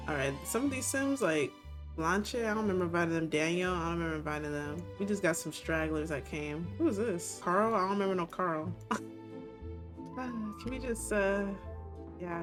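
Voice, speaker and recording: Giggly woman narrating her game. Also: lowish voice. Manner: giggly, chatty, voices characters in quotes. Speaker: gaming video creator. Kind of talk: casual gameplay commentary.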